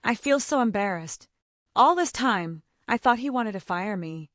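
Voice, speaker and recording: A woman narrating a first-person story for English learners in simple, short sentences with clear delivery. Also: medium pitch, lively intonation, a little slow, no echo, clean studio sound. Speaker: narrator of a graded reader story.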